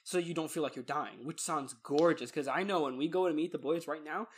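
A young man from Texas tells stories in loose, casual conversation, his voice a touch high and husky. He talks in animated bursts, full of likes and restarts. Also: fairly quick. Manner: animated storyteller, many fillers. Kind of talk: casual chat.

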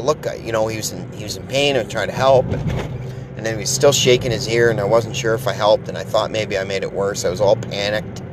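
A man's voice: fairly low pitch, background noise. A man hosting a podcast, telling rambling, profane, jokey stories in a casual monologue. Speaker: podcast host.

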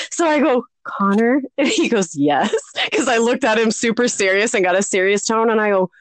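Chatty podcast co-host lady, kinda high voice, dry sound, laughs at herself a ton. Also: expressive, moderate pace, dry recording. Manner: rambling, self-mocking, laughs often. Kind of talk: casual storytelling chat.

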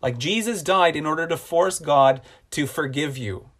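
Male pastor, sermon, earnest, fairly high voice, repeats lines for emphasis. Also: normal speed, fairly bright tone.

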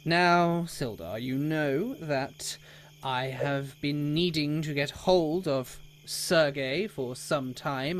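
A man voicing a smooth, scheming male town official who speaks in a condescending, veiled-threatening way. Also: on the high side, slight background noise, low-quality recording.

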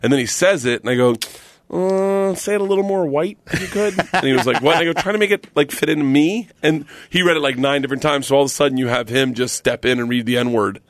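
A middle-aged man, a guest comedian, telling stories on a podcast in a casual, animated way, laughing often and acting out what others said. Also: medium pitch, fast, hardly any pauses, no echo. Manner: animated, laughs often, acts out quoted voices.

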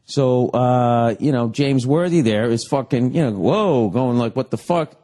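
A man's voice: medium pitch, a little slow, mellow. A man co-hosting a comedy podcast, telling a crude, rambling story full of profanity. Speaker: podcast co-host.

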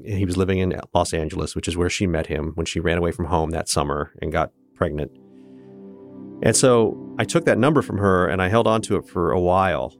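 Low-voiced earnest man from Kansas. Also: fairly quick, faint music behind. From Kansas, USA. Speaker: interview guest. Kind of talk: personal storytelling in conversation.

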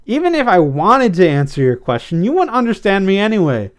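A man voicing French Fry, a stubborn male pigeon who talks cheekily and shrilly. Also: sits high, very animated, fairly quick, voice pushed up. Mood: cheeky.

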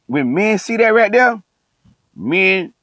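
A middle-aged male coach and online commentator delivers a passionate, preachy monologue, hammering his points home through repetition and calling himself passionate. His voice sits high and sing-song, slow and slightly bright. The recording is dry and rough.

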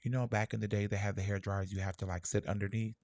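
Young guy telling a story from his childhood, kinda low voice, soft and halting, lots of "like", dry close sound. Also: little pitch movement, no room sound. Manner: soft, halting, reflective, many fillers. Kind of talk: personal storytelling.

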